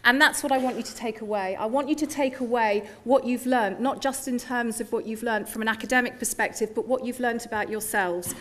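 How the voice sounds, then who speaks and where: A woman's voice: a little high, a little fast, hardly any pauses. A middle-aged woman, a university chancellor giving a playful, joking graduation address through a lectern microphone in a large hall. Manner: playful, joking, warm to the audience.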